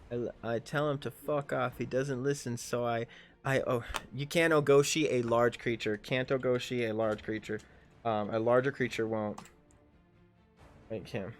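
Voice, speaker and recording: Excitable, foul-mouthed man running a tabletop game. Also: medium pitch. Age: 30s. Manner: excitable, swears constantly, shouts his character's battle cries. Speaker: game master and player. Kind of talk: narrating a tabletop game on a livestream.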